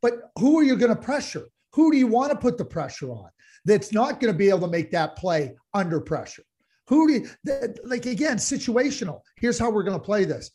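A man's voice: high voice, sing-song, fairly quick, dark tone, breathy edge. A man co-hosting a casual sports chat, talking passionately with lots of restarts and repeated words. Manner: passionate ranting, frequent restarts. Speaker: podcast co-host.

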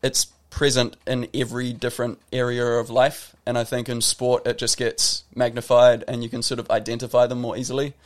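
Appearing as a guest on a podcast, this professional tennis player, a New Zealander in his thirties with a New Zealand accent, tells reflective, casual stories packed with "like" and restarts. His medium-pitched voice is level and a little fast, with few pauses.

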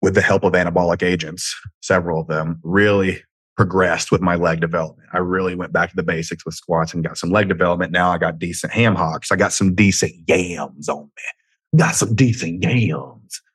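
Deep husky-voiced man with a Southern twang. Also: fairly even intonation, normal speed, fairly bright tone, no room sound. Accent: Southern American twang. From United States. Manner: rambling, profane and self-joking, with frequent tangents. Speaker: podcast host. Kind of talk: casual solo podcast monologue. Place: home room.

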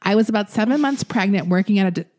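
A woman's voice: medium pitch, very fast, a little mellow. A woman co-hosting a podcast, reading listener emails aloud in casual chat and laughing often as she reads. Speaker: podcast co-host.

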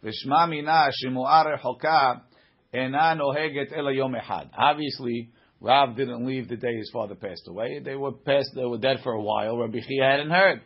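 Husky guy going thru talmud with a class, reads a line then explains it casual, dull lo-fi recording. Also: medium pitch, normal speed. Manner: reads Aramaic lines then explains in plain English, conversational. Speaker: Talmud teacher. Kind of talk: Talmud class, reading and translating.

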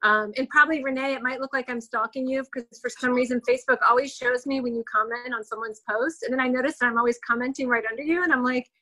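A woman chatting casually on a group video call, telling little stories in an animated way. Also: sits high, quick pace, few pauses, rough recording.

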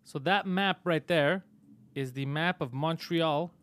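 A man hosting a casual live-stream podcast, swearing freely and telling stories with animated energy. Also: fairly high pitch, takes it slowly. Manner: profane, animated storytelling. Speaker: podcast host.

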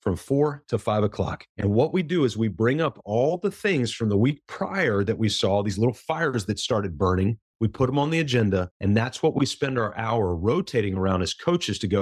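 Podcast guy with a lowish husky voice, earnest, really pushes his points, dry close sound. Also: expressive, brisk, few pauses, a little mellow, no room sound. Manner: earnest, emphatic, acts out quoted dialogue. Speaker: podcast guest, business coach. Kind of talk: conversational interview answer.

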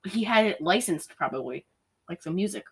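A woman's voice: lowish voice, expressive, normal speed, fairly bright tone, breathy edge. A young woman co-hosting a casual podcast, retelling a film's plot in a chatty way, saying "like" constantly. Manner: chatty, heavy use of "like", mimics characters while retelling. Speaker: podcast co-host recapping a film. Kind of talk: casual chat.

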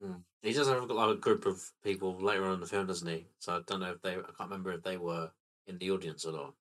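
A man co-hosts a relaxed film podcast, chipping in with short, hesitant replies. His voice is very deep yet has a bright, forward edge. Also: fast talker. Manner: laid-back, unsure, short replies. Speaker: podcast co-host. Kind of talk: casual film-review chat.

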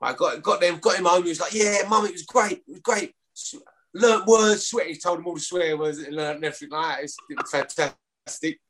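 This rugby player from London, in his thirties, speaks a little fast in a high-ish, steady, somewhat bright voice. As a guest in casual conversation, he rambles, restarts awkwardly and swears now and then.

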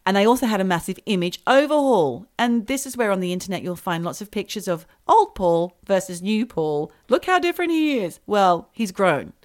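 A woman's voice: medium pitch, moderate pace, few pauses. Mock-serious woman podcast host. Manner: animated, mock-serious storytelling. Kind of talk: storytelling comedic chat.

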